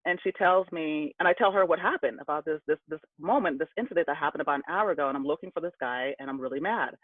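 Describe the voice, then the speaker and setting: A man's voice: fairly high pitch, fast talker, no echo. A man telling a candid personal story to an audience, heated when he recalls being angry. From California. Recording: tinny phone-like line.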